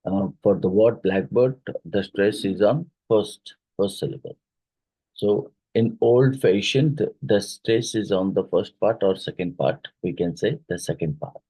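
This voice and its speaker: A man with an Odia-influenced Indian English accent gives an exam-prep phonetics lesson in a low, husky, mellow voice. He explains slowly, spells words out letter by letter and pauses on fillers. The sound is dry and close. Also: no echo, poor audio. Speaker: teacher.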